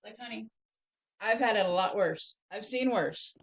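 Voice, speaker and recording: A woman's voice: normal speed, a little hiss or hum, low-quality recording. A woman in her thirties from Maryland chatting frankly on a home livestream, trailing off and correcting herself as she goes. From Maryland, USA. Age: 30s. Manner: switches to high excited baby talk for her pets. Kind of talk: casual livestream chat.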